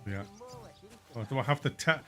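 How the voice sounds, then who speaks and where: A man's voice: medium pitch, normal speed, pushed and bright. A male streamer giving crude, joking gameplay commentary full of swearing. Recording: stream with faint game music behind.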